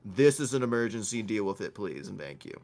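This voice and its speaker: A man's voice: fairly low pitch, sing-song, a little fast, a little mellow, soft background music. A man voicing a desperate spellcaster at death's door who pleads for help in an emergency. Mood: pleading. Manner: pleading, strained.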